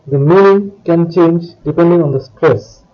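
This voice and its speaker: A man's voice: a little high, measured pace, muffled recording. A man teaching a language lesson, explaining each point in a scripted way and reading example phrases aloud. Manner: reads French words and phrases for the listener to repeat. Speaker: French teacher.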